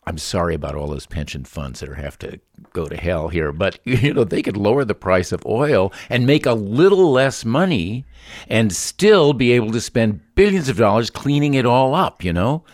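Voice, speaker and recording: A man's voice: on the low side, lively intonation, moderate pace, a little mellow, no echo, studio quality. A man co-hosting talk radio, rambling in indignant commentary. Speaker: radio co-host. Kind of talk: casual talk radio banter.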